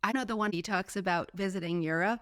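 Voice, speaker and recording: A woman's voice: medium pitch, quick pace, no room sound, studio quality. A woman co-hosting a podcast in casual chat, giggling often and telling stories with animation. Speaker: podcast co-host.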